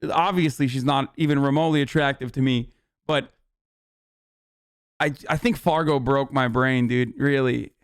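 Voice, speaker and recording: A man's voice: medium pitch, fairly even intonation, moderate pace, clean tone, no echo, studio quality. A man streaming live, reacting to a video with rambling, profane, joking commentary. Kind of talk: casual livestream commentary.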